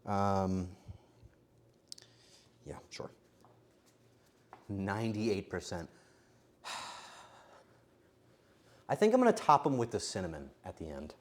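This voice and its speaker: A man live-streaming himself baking, joking to his chat and swinging between quiet mutters and loud outbursts. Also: low voice, sing-song, slow pace, pauses often. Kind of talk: casual live-stream commentary while baking.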